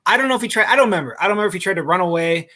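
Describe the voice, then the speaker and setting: A man's voice: high-pitched, expressive, racing, bright, forceful tone. A man hosting a podcast, telling crude stories in a casual, swearing way. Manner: swears a lot, storytelling. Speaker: podcast host. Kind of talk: casual chat.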